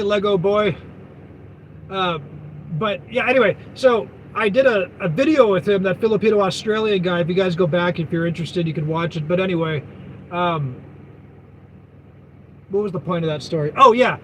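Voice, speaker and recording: High-voiced rambling trucker vlogger man. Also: a little hiss or hum, low-quality recording. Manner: meandering, loses his thread, heavy fillers and self-corrections. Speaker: trucker vlogger greeting viewers. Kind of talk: rambling casual live chat.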